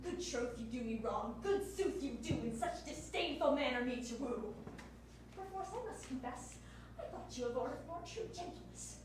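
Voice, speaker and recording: Brief: teen actress as a self-pitying jilted maiden, high voice, echoing hall from far off. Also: female voice, expressive, normal speed, noisy background. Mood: wounded. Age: teens. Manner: plaintive, pleading verse delivery. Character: young noblewoman, spurned and self-pitying. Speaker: stage actor. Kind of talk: stage Shakespeare acting. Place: school theater stage. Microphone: distant room mic. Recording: echoey stage from far off.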